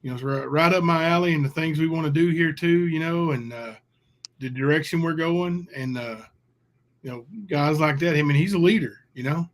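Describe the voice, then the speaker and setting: A male show host in relaxed, agreeable chat, filling his sentences with "you know" and "I mean." His voice runs a touch high for a man. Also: fairly quick. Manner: easygoing, agreeable, lots of fillers. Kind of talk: casual interview chat.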